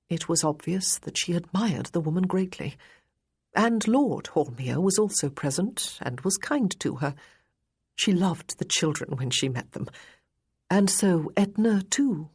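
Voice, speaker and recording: Low husky female audiobook narrator. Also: darkish tone. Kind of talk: scripted narration of a romance novel.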